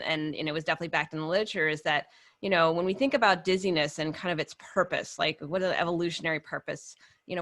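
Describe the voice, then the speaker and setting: A woman clinician explaining in a casual professional discussion, chatty and quick to laugh, often acting out what patients say. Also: deep voice, sharp tone, no echo, clean studio sound. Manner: chatty, laughs often, acts out quoted voices.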